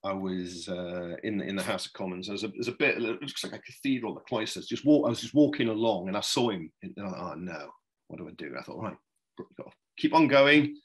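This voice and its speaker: A middle-aged political journalist with a lowish voice rambles through anecdotes as a podcast guest, restarting often, saying "you know" a lot, and chuckling. The recording is rough.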